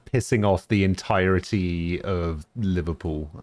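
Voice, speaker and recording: A man's voice: sits low, takes it slowly, a little mellow, dry recording. A man streaming a video game live, chatting casually and joking at his own expense. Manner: joking, self-mocking, laughs often.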